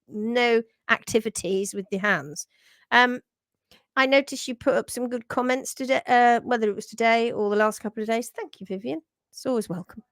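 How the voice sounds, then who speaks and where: A woman's voice: fairly high pitch, moderate pace, dry recording, clean studio sound. Chatty woman hosting a live stream. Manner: chatty, warm greetings, frequent restarts and laughs. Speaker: livestream host. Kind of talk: casual live chat reading out viewer comments.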